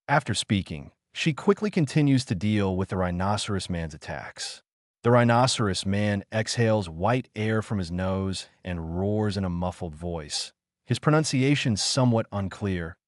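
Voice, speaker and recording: A man's voice: fairly low pitch, animated, measured pace, no room sound, studio quality. A man narrating an audiobook in a dramatic style, calling out sound effects with punch. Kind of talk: audiobook narration of a fan novel.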